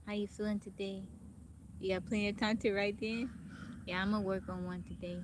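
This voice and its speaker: A woman's voice: mid-range voice, little pitch movement, a little fast, noisy background. A woman hosting a casual live stream outdoors in a forest, chatting with viewers and greeting them by name. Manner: chatty, greets viewers and reads out their comments. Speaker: livestream host.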